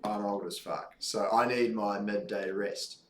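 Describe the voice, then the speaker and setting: A man's voice: lowish voice, fairly even intonation, unhurried, fairly bright tone, reverberant. A man co-hosting a live race stream, mixing dry teasing and casual swearing with commentary. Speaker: stream co-host.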